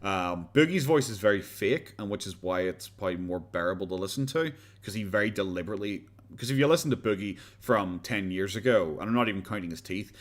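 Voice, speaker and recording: Blunt, profane Irish streamer, low voice. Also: male voice, fairly bright tone. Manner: rambling, blunt and profane, with frequent restarts and laughs. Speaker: livestream host. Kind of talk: casual live-stream chat, answering viewer comments.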